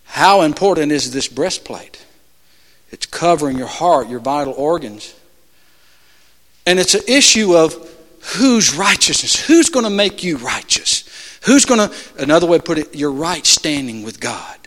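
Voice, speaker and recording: A male preacher with a high, bright voice that leaps all over its range, working the crowd with call-and-response questions. His sermon rings with a long church reverb as he jumps from shouts to hushed asides. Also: animated, a little slow. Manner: shouts and drops to soft asides.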